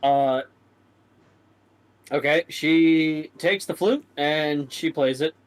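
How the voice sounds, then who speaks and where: A man's voice: a little high, very slow, clear, resonant tone, low-quality recording. A man narrating a tabletop game as game master, rambling with lots of fillers.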